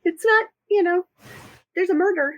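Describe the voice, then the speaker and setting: A woman's voice: extremely high pitch, fairly bright tone, highs cut off. A woman co-hosting a podcast, casually describing a show with a chatty, offhand manner. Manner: chatty, laughs along, reacts with quick asides. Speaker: podcast co-host. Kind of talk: casual chat.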